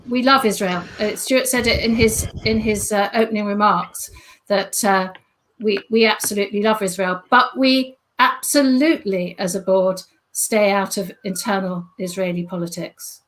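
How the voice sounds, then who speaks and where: A woman's voice: medium pitch, fairly bright tone, low-quality recording. Earnest woman, emphatic. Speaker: candidate at a hustings. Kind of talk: debate answer.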